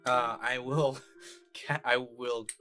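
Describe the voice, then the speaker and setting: A man's voice: medium pitch, steady tone, slow pace, pushed and bright, faint music behind. A man playing a tabletop game, chatty and giggly as he works out his turn. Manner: giggly, mumbles through options. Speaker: player. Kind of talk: casual tabletop game chat.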